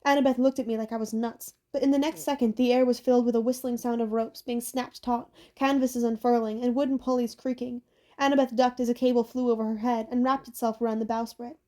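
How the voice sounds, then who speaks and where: A woman narrating a first-person adventure audiobook in a steady, even storytelling delivery. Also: on the high side.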